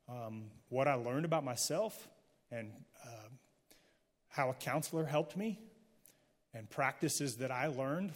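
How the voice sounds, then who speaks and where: Candid man preaching in a reverberant hall. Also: medium pitch. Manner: candid, conversational, jokes with the audience. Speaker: pastor. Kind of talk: sermon. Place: church hall, before a live audience.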